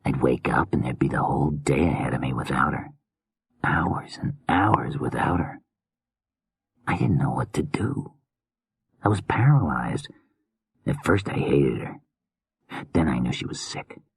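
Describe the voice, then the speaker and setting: A man's voice: a bass voice, animated, a little slow, vocal fry, pauses often, slightly rough, dry recording, exaggerated voice. A man voicing an unhinged, weary male killer filmmaker in a slurred whisper, as whispered role-play in an audiobook.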